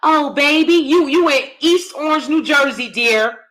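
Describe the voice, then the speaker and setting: A woman's voice: high voice, voice pushed up. Woman putting on a fake sugary mother's coo. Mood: sugary mocking. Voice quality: fake soft sweet voice. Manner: mocking, drawn-out coaxing. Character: sugary-voiced mother cooing at her daughter.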